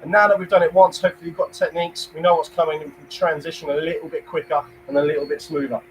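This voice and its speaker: A man's voice: fairly high pitch, level tone, rapid-fire, a little hiss or hum, low-quality recording. A young man with a London accent leading a live home workout class, counting down reps, cheering people on and cracking small jokes. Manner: upbeat, counts reps, jokey asides, cheers viewers on. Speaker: fitness instructor.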